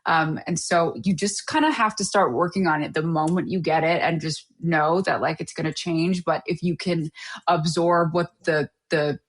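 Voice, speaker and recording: Low-voiced woman actor chatting animatedly. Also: normal speed, slightly rough. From Canada. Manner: animated, laughing often, many restarts. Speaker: actor guest. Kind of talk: casual interview chat.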